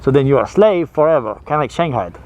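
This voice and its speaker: A man's voice: mid-range voice, expressive, fast, a little mellow. A man hosting a horror movie show, talking casually and rambling, laughing easily and trailing off. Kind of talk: casual chat.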